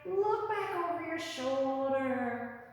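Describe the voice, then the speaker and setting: A woman's voice: high voice, animated, slow. A woman leading a yoga class for children in her studio, playful and encouraging with a sing-song delivery. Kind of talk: guided yoga instruction for kids. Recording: echoey studio with long reverb.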